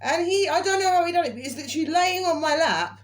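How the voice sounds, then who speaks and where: A woman's voice: very high-pitched, animated, fast. A woman vlogger in casual chat, talking and laughing often. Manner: chatty, laughs often, quotes others in raised voice.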